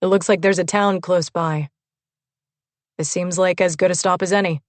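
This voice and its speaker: A woman reading the lines of a calm, protective young man in an audiobook. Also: on the low side, moderate pace, dry recording, natural voice.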